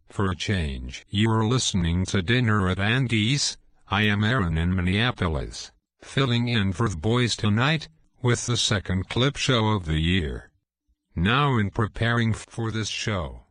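A man introduces old radio clips as a fill-in host. His voice sits low and is recorded dry and close. He reads plainly and evenly. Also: fairly bright tone, no echo. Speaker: fill-in host of a clip show. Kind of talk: scripted radio narration.

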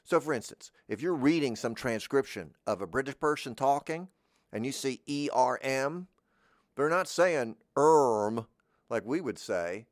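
A middle-aged man with a Southern American accent, hosting a rambling comedic monologue in a deadpan, meandering way and drifting into goofy voices. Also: medium pitch, moderate pace, no echo, studio quality. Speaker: podcast host.

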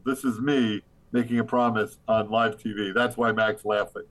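A man co-hosting over a video call, teasing and deadpan with mock-grand speeches. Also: fairly low pitch, normal speed, hardly any pauses, low-quality recording. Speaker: co-host.

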